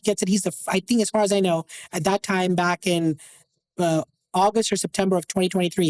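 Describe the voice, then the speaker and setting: On a casual interview show, a man who deals in watches shares animated anecdotes, performing the quoted lines himself. He has a high voice, and the recording is low quality.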